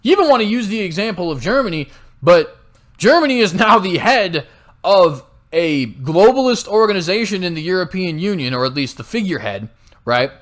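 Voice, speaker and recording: A man's voice: sits high, big pitch swings, brisk, fairly bright tone. A young American man hosting a political commentary show, delivering a heated, sarcastic monologue with frequent "right?" tags. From United States. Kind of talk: opinionated monologue.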